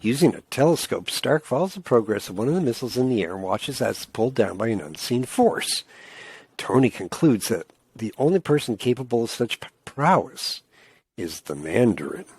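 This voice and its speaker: A man's voice: mid-range voice, sing-song, normal speed, a little mellow, slightly rough, no echo. A man co-hosting a casual comic-book podcast, reading plot summaries aloud and cracking joking asides. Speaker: podcast co-host.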